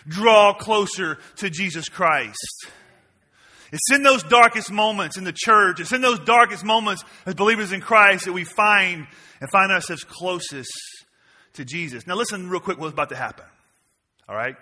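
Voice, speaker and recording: A middle-aged man preaching a sermon as pastor, swinging between shouted passages and hushed, intimate ones. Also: high voice, normal speed. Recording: long hall reverb.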